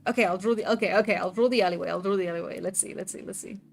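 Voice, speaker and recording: Talking at a racing pace in a gravelly, medium-pitched voice with fairly even intonation, a live-streaming artist chats casually with her audience while drawing. She giggles often and reacts to chat, with faint music in the background.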